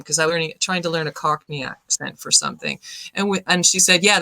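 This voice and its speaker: A woman, chatting as a guest in a relaxed interview, lively and laughing often. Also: fairly low pitch, no echo. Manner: lively, laughing, animated storyteller. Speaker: guest, singer and voice actor. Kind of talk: casual video-call chat.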